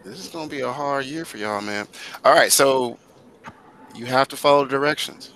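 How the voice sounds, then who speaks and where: A man's voice: medium pitch, moderate pace, background noise. A male teacher guiding students through an online class on a video call, talking casually but directly and firmly.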